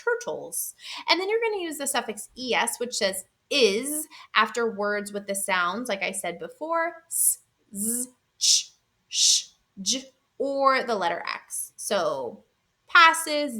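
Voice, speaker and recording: A woman who trains teachers in literacy, explaining a spelling rule step by step and slowly sounding out each speech sound. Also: medium pitch, bright, forceful tone. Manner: clear, patient, checks in with "right?". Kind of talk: instructional slideshow lesson.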